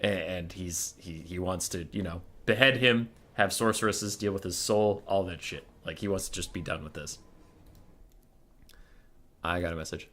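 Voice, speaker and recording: A man streaming and casually retelling a story to his chat, animated, exasperated and swearing freely. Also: deep voice, moderate pace.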